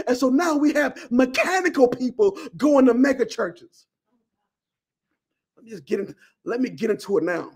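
High, husky male preacher, fiery and impassioned, shouting at times. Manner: impassioned, shouts and speaks in tongues. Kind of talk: fiery sermon.

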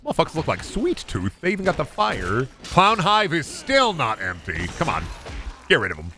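Streamer dude swearing at a game, gravelly voice, pitch all over the place. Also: male voice, wildly swooping pitch, moderate pace. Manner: profane, loud angry outbursts, jokey rants. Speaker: gaming streamer. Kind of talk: casual gaming commentary.

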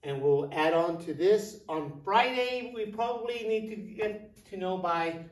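Middle-aged guy teacher, slightly high voice, goes real slow n says each word twice. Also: expressive. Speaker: Spanish teacher. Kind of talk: classroom vocabulary lesson. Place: classroom. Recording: echoey room, mic at a distance.

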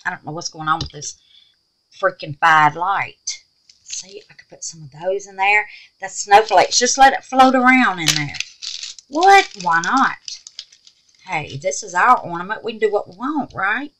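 A woman's voice: mid-range voice, measured pace, a little hiss or hum, poor audio. A woman hosting a chatty craft tutorial at home, exclamatory and affectionate with viewers. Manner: animated and exclamatory, calls viewers babies.

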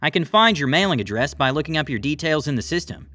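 A man voicing a calm, courteous male parking officer who speaks formally. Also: on the high side, quick pace, dry recording.

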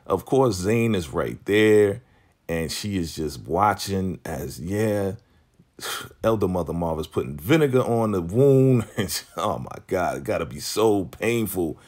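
A man giving a casual, animated recap of a TV episode, acting out the characters' lines as he goes. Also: low voice, a little slow. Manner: animated storytelling, acts out quotes. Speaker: TV recap vlogger.

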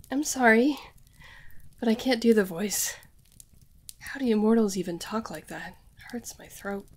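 A woman's voice: on the high side, measured pace, long pauses. A woman voicing a young, earnest witch in training who rambles and talks straight to the listener in an audio role-play. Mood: chatty. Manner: rambling, addresses the listener directly.

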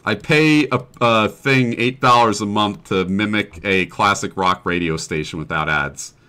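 Young man, streamer, casual gaming chat, rambling, profane, sarcastic, fairly low pitch. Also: a little slow, pushed and bright, clean tone. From New Jersey family.

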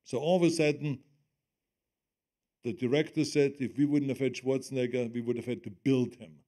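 A man's voice: mid-range voice, moderate pace. Older man with a German accent. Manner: animated, quotes others in lively voices, laughs often. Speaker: guest. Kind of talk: storytelling on stage in conversation.

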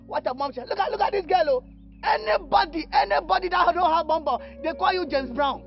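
A man's voice: very high-pitched, a little fast, creaky. A man with a Nigerian accent playing a cheeky young man who chases a woman, teasing and boastful with frequent laughter. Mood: mocking. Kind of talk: Nollywood film acting. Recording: dull lo-fi audio with faint music.

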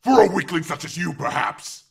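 With a mid-range, animated voice that's pushed and bright, a man does a full character voice for an audiobook's ancient evil being in a pit. Slow and gravelly, he speaks with cold, menacing scorn, drawing out each commanding line.

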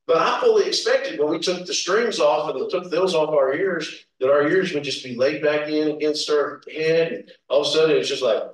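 Folksy preacher in an echoey church. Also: male voice, fairly high pitch. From Kentucky, USA. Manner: folksy, chuckling, calls out amens. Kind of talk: informal sermon with personal stories. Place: church sanctuary. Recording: echoey church hall, distant mic.

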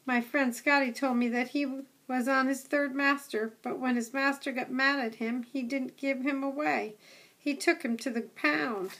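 A woman's voice: high-pitched, fairly even intonation, moderate pace, fairly bright tone. A woman doing a timid, whimpering young dog. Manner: whimpering, fretful.

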